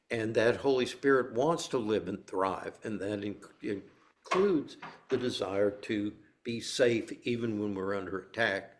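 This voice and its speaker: An older man leading a meditation group, giving a playful dharma talk with stories and laughing as he tells them. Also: lowish voice. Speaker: meditation teacher.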